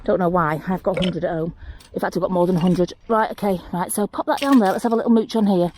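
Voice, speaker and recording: A woman, giving a casual running commentary outdoors on a hillside, chatty and easily excited by small finds. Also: lowish voice, fast, slight background noise. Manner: chatty, excitable over small finds, talks to herself and the viewer. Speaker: mudlarking vlogger. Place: outdoors on a hillside rubbish tip.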